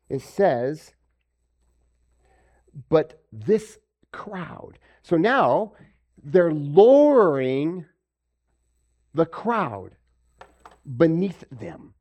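A man's voice: on the high side, dark tone. A man preaching a sermon, asking rhetorical questions and acting out the voices of the people he quotes. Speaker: pastor.

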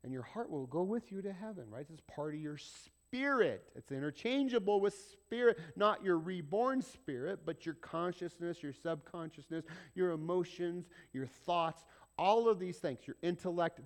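A male pastor preaching a sermon, conversational and dramatic, swinging from loud urging down to near-whispers and often asking the congregation questions. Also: high voice, expressive, moderate pace, few pauses.

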